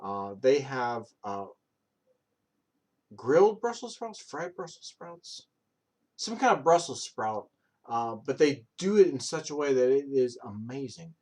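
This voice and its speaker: A man's voice: medium pitch, very animated, a little slow, darkish tone. Male streamer in his thirties, loose rambling chat full of fillers and cursing. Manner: rambling, filler-heavy, profane storytelling. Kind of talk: casual chat.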